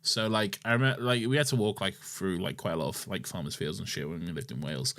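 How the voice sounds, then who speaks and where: A man's voice: sits low, quick pace, fairly bright tone, no echo, studio quality. A young man co-hosting a podcast, recapping an episode in a casual, swear-filled chat and laughing often. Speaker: podcast co-host.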